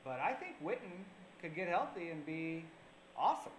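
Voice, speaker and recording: A man's voice: fairly high pitch, very animated, moderate pace, roomy sound, slight background noise, rough recording. Chatty man co-hosting a sports show. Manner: chatty, rambling with fillers. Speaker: fantasy football show co-host. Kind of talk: casual chat. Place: public access TV studio. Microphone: on camera.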